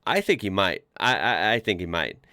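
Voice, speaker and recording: A man chats his way through a reaction video, full of fillers, restarts and quick laughs. His pitch moves up and down freely. The sound is dry and close. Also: sing-song, bright, forceful tone, clean tone, no echo. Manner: chatty, laughs often, many fillers and restarts. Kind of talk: casual reaction commentary.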